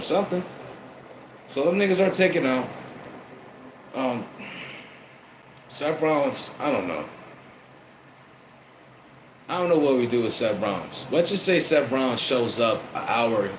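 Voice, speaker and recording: A man giving a casual wrestling review, profane and repeating himself as he rambles. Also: mid-range voice. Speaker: wrestling commentator. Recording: echoey room with faint air conditioning hum.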